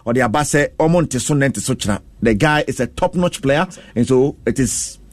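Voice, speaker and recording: Ghanaian radio sports host, dry studio sound. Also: male voice, mid-range voice, moderate pace, dry recording. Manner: lively, reads out listener messages, laughs often. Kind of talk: radio sports talk, switching between Twi and English.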